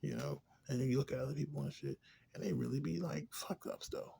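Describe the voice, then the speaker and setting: A man ranting in a rambling, profane, casual way, drifting between low mutters and louder outbursts. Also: quick pace, creaky, slightly rough. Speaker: vlogger.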